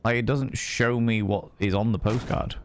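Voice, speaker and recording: A man's voice: fairly low pitch, fairly even intonation, normal speed, slight background noise. A man streaming a horror game, reading notes aloud, swearing and thanking viewers. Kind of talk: casual live gameplay commentary.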